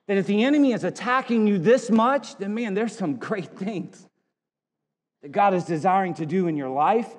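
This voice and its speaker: A man preaching from the pulpit with a high, bright-sitting voice, swinging between humorous anecdotes and scripture. A long hall reverb trails after his words in the sanctuary. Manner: joking storyteller, animated voices for quotes. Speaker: pastor. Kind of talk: sermon. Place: church sanctuary.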